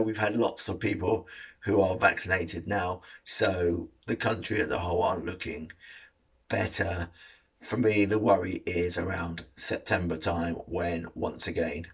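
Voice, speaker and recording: A man's voice: low voice, gravelly, slightly rough. A middle-aged man chatting casually through the news from his shed, cheeky and sweary, with dull lo-fi sound. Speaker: vlogger.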